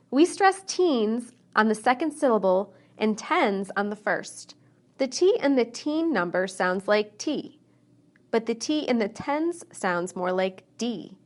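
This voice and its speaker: A woman teaching English pronunciation in a scripted lesson, reading example sentences slowly and carefully enunciated. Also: fairly high pitch.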